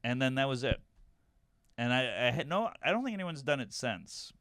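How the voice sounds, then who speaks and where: A man's voice: mid-range voice, sing-song, normal speed, a bit bright, dry recording, clean studio sound. A man from Syracuse, New York, a comedian guest chatting casually on a podcast and telling stories with some stammering. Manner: stammering, self-deprecating storyteller.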